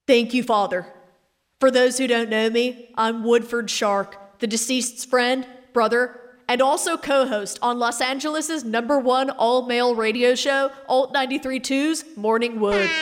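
A woman's voice: on the high side, natural voice. Radio sketch: actress as an overdramatic male shock-jock at a funeral, mock-solemn. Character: crass male shock-jock radio co-host giving eulogy.

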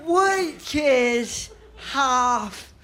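A woman performing stand-up comedy in a halting way, closing her set. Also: sits high, animated, over a noisy crowd, heavy background noise. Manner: halting, slow delivery. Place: comedy venue with a live audience.

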